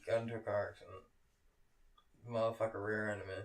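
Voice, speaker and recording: A man's voice: fairly low pitch, little pitch movement, brisk, recorded from a distance. A young man co-hosting a podcast, telling a story in casual chat, swearing a lot and laughing often. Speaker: podcast co-host. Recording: roomy, off-mic echo.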